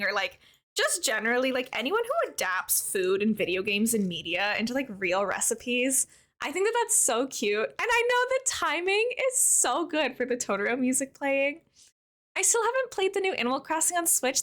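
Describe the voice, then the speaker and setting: A young woman with a high, bright voice chats casually on a live stream. Her pitch swings widely as she greets viewers by name. She sounds giggly and animated.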